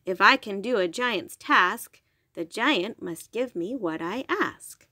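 A woman voicing a plain-spoken father in a storybook reading, speaking calmly. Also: mid-range voice, slow, dry recording, clean studio sound, full character voice.

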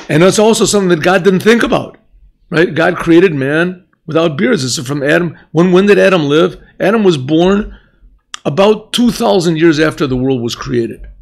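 A rabbi teaching a class, asking questions, mixing in Hebrew phrases and often clearing his throat. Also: a little high. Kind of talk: yeshiva class lecture. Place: yeshiva classroom.

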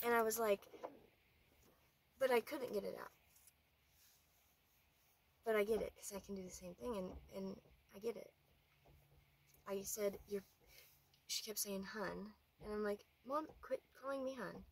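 A woman vlogger talking earnestly through a personal story, rambling and often dropping to a quiet voice. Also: mid-range voice, steady tone, measured pace, long pauses, poor audio.

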